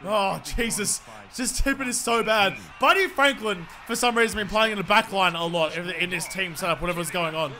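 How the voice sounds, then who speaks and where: A young man commentating his own football video game, frustrated and profane, yelling at his teammates. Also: sits high, a little fast, soft background music. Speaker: gaming commentator. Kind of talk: swearing live gameplay commentary.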